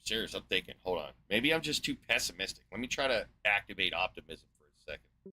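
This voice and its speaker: A man in his forties rants in a sarcastic, profane monologue, trailing off into fillers as he hunts for his next point. His voice sits fairly low but has a very bright, cutting edge. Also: big pitch swings, slight background noise, rough recording. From United States. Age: 40s. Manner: rambling with pauses and fillers. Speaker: video host. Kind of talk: ranting monologue.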